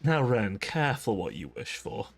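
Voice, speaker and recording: A young man runs a live stream and banters casually with chat, laughing at himself and rambling on. His fairly low voice is very animated, slightly rough with vocal fry, and moves at normal speed over faint background music.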